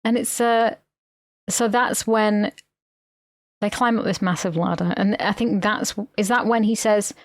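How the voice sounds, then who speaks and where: A woman's voice: mid-range voice, steady tone, a little slow, no echo, studio quality. A woman co-hosting a podcast, retelling a film in a rambling, sweary way. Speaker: podcast co-host. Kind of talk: casual film-recap chat.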